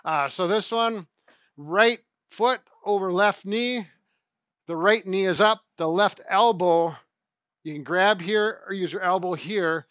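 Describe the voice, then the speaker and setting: Bright, chatty middle-aged man. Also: high voice, slow, dry recording, clean studio sound. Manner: chatty, self-correcting, demonstrates exercises. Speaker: physical therapist co-host. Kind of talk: casual instructional chat.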